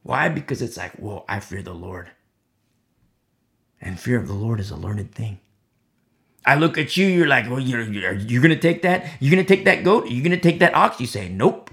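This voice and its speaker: A man's voice: mid-range voice, sing-song, a little fast, creaky, fairly bright tone. A man giving an informal sermon who acts out the voices of imagined onlookers as he tells the story. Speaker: Bible teacher.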